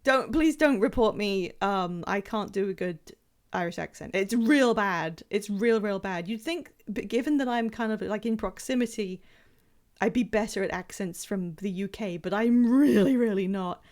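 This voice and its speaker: A woman's voice: mid-range voice, normal speed, darkish tone. A woman streaming a video game, chatting casually in a rambling, self-deprecating way that trails off mid-thought. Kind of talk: casual live gameplay commentary.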